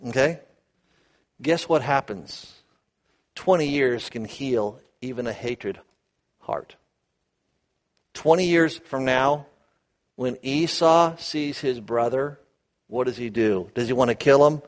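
A man teaching the Bible verse by verse, animated, asking his listeners questions and acting out the quotes. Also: mid-range voice, slow pace, pauses often. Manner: animated, asks the audience questions, acts out quotes.

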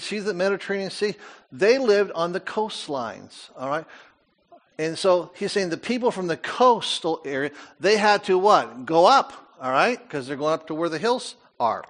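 An older man preaching a sermon, animated, with rhetorical questions and asides to the congregation. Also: high-pitched. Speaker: pastor.

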